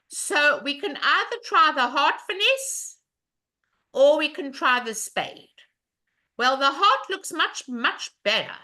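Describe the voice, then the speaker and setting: Bright, high-voiced woman bridge teacher. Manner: chatty, asks the class rhetorical questions. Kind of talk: live online lesson.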